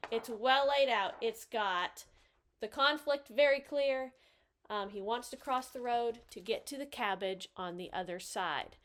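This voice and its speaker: A woman hosting a casual picture book review, cheerful and gently enthusiastic as she hands out scores. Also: fairly high pitch.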